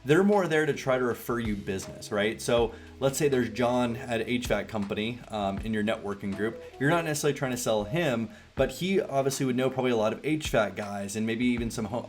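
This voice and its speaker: A man with a Southern US accent explains sales tactics in a relaxed, rambling, drawling way. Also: medium pitch. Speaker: online business coach. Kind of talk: casual sales tutorial.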